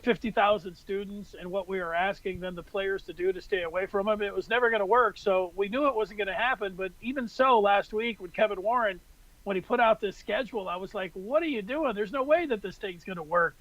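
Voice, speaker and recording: A man's voice: sits high, steady tone, fairly quick, a bit bright, no room sound, low-quality recording. A man co-hosting a sports podcast, telling a rambling, exasperated story in casual talk. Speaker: podcast co-host.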